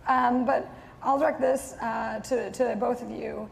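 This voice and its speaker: Gravelly woman moderating a hall Q&A. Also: fairly high pitch, steady tone, a little slow. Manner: reads out audience questions, giggly, hesitant fillers. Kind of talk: live Q&A moderating. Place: auditorium with live audience. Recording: long reverb of a hall, faint noise.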